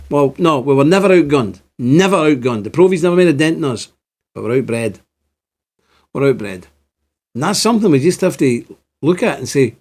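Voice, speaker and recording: A man's voice: fairly high pitch, animated, brisk. A man in his fifties with a Northern Irish accent tinged by Scotland, giving an impassioned, repetitive monologue to camera. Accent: Ulster Scots-tinged Northern Irish. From Northern Ireland. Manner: impassioned, repetitive, rising to exclaim.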